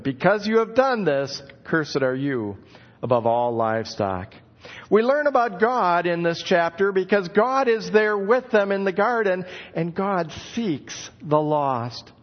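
A middle-aged man preaching a sermon, telling stories and acting out the calls in his passage. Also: high-pitched. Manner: expressive storytelling, acts out calls of "where are you". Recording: dull lo-fi sound.

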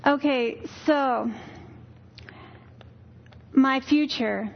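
A woman's voice: high-pitched, very slow, creaky, dull audio, a little hiss or hum. Weary older woman giving a testimony. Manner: earnest, candid storytelling. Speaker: church speaker. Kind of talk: personal testimony talk.

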